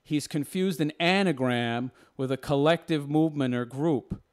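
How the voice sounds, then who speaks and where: A man's voice: a little high, normal speed, darkish tone, clear, resonant tone. A man giving argumentative reaction commentary, lecturing and rebutting a video point by point.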